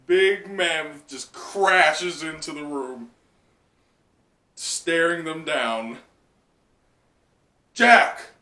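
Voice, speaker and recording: A man hosting a casual live reaction, excitable and laughing often, with plenty of fillers and swearing. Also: fairly high pitch, drawn-out words. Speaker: channel host. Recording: echoey room, mic at a distance.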